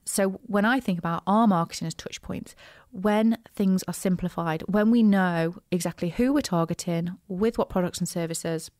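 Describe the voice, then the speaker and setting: A woman hosting a business podcast, chatty and animated, with frequent asides and restarts. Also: fairly low pitch, moderate pace, hardly any pauses, no room sound, clean studio sound. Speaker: podcast host, business coach. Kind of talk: casual solo podcast talk.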